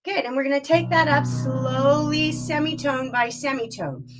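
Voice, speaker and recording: A woman vocal coach leading a live online warm-up class, talking through the exercises and demonstrating bored, whiny sounds and sung scales. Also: high-pitched, moderate pace, over music.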